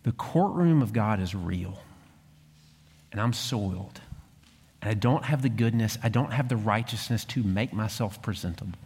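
A man preaches a sermon in a voice of middling pitch. He moves between hushed, quiet lines and strong, emphatic ones. A long reverb from a large church hall trails his words. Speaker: pastor.

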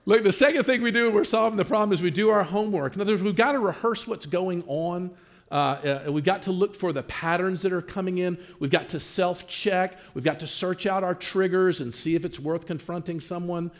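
A pastor teaching a marriage class and taking questions, animated, acting out little bits of dialogue. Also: male voice, high voice, brisk. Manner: animated, acts out quoted dialogue.

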